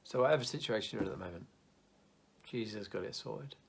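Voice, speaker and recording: Young man, church youth leader, casual video devotional, gravelly tone, earnest and reassuring. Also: on the low side, quick pace, slight background noise.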